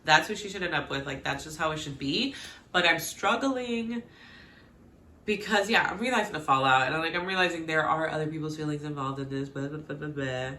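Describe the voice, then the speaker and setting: A woman casually recapping a TV episode with lively, animated reactions, quoting the characters and laughing often. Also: low voice, brisk, reverberant. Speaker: recap vlogger.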